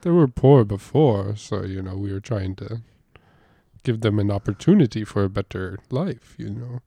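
A man in an improvised comedy scene, speaking in low-key asides. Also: expressive, moderate pace, creaky, warm tone, dry recording. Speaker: improv performer.

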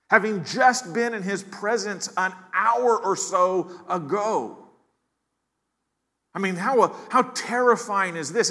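A man's voice: high-pitched, pushed and bright. A man preaching a sermon as pastor, earnest, often repeating words as he builds emphasis. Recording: long hall reverb.

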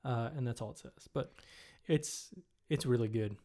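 A man's voice: medium pitch, moderate pace, warm tone. A man from Michigan co-hosting a casual chat, thinking aloud with frequent restarts. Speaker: podcast co-host.

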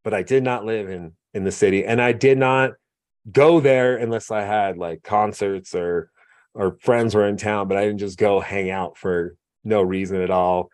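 Podcast host, man, lowish voice, dry close sound, rambling storyteller who mimics others. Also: fairly even intonation, normal speed, darkish tone, no echo. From Oregon. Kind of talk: casual conversational interview.

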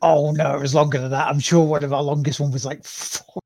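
A man's voice: a little high, little pitch movement, brisk, a little mellow, no room sound. A tired man co-hosting a casual podcast, full of wry jokes and slang. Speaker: podcast co-host.

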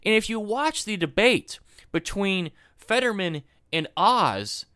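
A man hosting a podcast, giving solo political commentary in a rambling, animated way and often repeating himself. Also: high-pitched, slow, clear, resonant tone, no room sound, studio quality. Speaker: podcast host.

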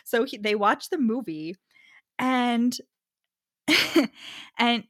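A woman's voice: a little high, animated, drawn-out words, fairly bright tone, dry recording, studio quality. A woman co-hosting a casual podcast, recapping a book with frequent laughter and mocking retellings of its characters. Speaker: podcast co-host.

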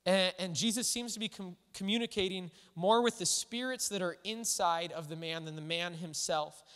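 Brief: a high-voiced man preaching loosely and conversationally, with a long hall echo. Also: normal speed, clear, resonant tone. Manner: conversational, animated, full of "like" and "all right". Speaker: pastor. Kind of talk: sermon. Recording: echoey hall.

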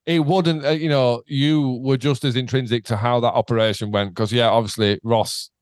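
A man's voice: medium pitch, steady tone, moderate pace, no echo. A man chats casually on a podcast, telling stories with lots of swearing and acted-out quotes. His voice sits mid-range and is recorded dry and close, with nothing of the room in it.

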